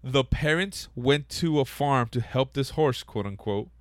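Profane, excitable man in casual chat. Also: mid-range voice, a little slow, no echo, clean studio sound. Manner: profane, laughing, excitable storytelling.

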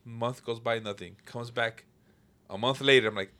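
Bright-voiced man telling profane stories. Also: mid-range voice, fast talker. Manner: profane, animated storyteller who acts out dialogue. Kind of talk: casual chat.

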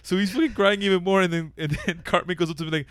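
Casual male co-host, slightly high voice, dry close sound, swears a lot, excitable. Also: rapid-fire, clean tone, dry recording. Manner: profane, laughing, excitable storytelling. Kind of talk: casual chat.

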